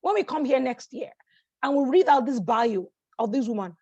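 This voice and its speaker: A woman with a high voice leads a motivational masterclass, energetic and encouraging. She keeps checking in with her listeners and repeats phrases to drive them home. The sound is dry and close. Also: moderate pace, dry recording, lo-fi sound. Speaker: life coach hosting a masterclass. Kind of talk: motivational teaching talk.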